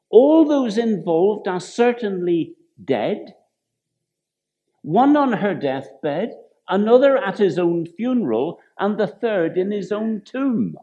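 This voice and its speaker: Slow, mellow-voiced preacher giving a sermon. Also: mid-range voice. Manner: reflective, stumbles and corrects itself, asks rhetorical questions. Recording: dull lo-fi recording.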